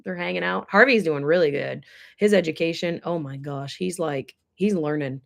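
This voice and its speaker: A woman's voice: low-pitched, moderate pace, creaky, fairly bright tone. Emotional woman chatting on a livestream. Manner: emotional, teary, reads viewer comments. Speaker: horse ranch livestreamer. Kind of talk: casual livestream chat. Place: indoors with air blowing.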